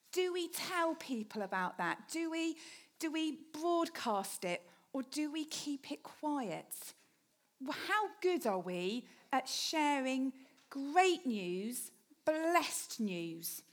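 A woman giving a chatty, humorous sermon, often putting questions to the congregation. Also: a little high. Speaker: preacher.

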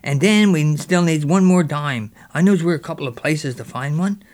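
Man acting as a boy storyteller, lively dialect, mid-high voice. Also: normal speed, lightly acted. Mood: boastful. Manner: lively yarn-spinning with local dialect. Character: mischievous boy telling a raiding tale. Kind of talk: character storytelling.

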